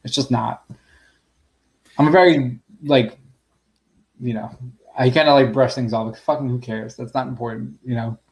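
A man's voice: medium pitch, fairly even intonation, normal speed, gravelly, long pauses, darkish tone. A man on a podcast ranting bluntly, swearing often in casual chat.

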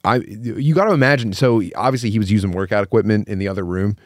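A man's voice: fairly low pitch, no room sound, clean studio sound. Joking man on a podcast mic. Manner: joking, fast bursts, laughs often. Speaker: podcast co-host. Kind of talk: casual podcast banter.

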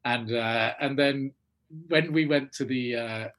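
An English man, an actor, telling a long anecdote and acting out the people he quotes in lively voices. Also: mid-range voice, slow. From England. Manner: animated, acts out quoted people in changing voices. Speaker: actor, guest. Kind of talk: anecdotal storytelling.

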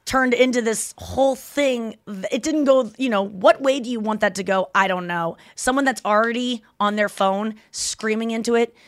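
A woman's voice: a little high, moderate pace, hardly any pauses, dry recording. A woman in her thirties hosting a podcast, chatting casually and retelling stories with quoted voices. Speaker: podcast host and comedian.

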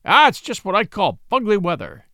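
Grave ship's doctor, read by a man: quiet, earnest, dry close sound. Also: high voice, big pitch swings, brisk, no echo, voice pushed up, heavily acted. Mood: wry. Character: grave, matter-of-fact male ship's doctor.

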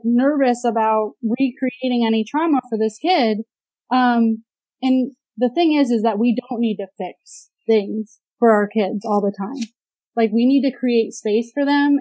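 Woman, therapist, high voice, mellow tone, dry close sound, chatty podcast talk. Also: no room sound, rough recording. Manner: chatty, many "like" fillers, briefly mimics parents. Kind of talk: casual podcast conversation.

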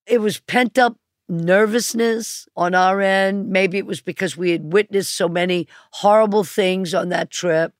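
A man's voice: high voice, steady tone, a little slow, dry recording, studio quality. A man journalist recalling a field assignment in an earnest, reflective interview.

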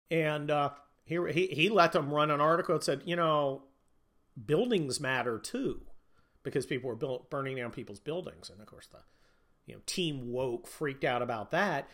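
A man's voice: fairly high pitch, fairly bright tone. A man hosting a podcast, ranting about politics in a profane, sneering, mocking way. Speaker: podcast host.

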